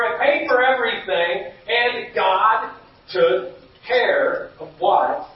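A middle-aged man preaching a sermon as pastor, telling stories and acting out quotes. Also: high voice. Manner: storytelling with acted-out quotes, rising to shouts. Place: church sanctuary. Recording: dull, echoey hall from far off.

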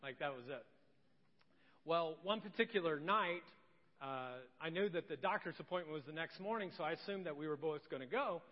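A male pastor telling a story in a sermon, animated, acting out voices and dropping to hushed tones, recorded in a church. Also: on the high side, brisk. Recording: echoey church hall, dull lo-fi sound.

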